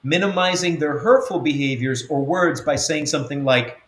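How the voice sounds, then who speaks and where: A man's voice: a little high, normal speed, echoey room. A man giving a spiritual teaching talk as an apostle. He speaks earnestly and repeats his points. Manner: earnest, repetitive, acts out quotes.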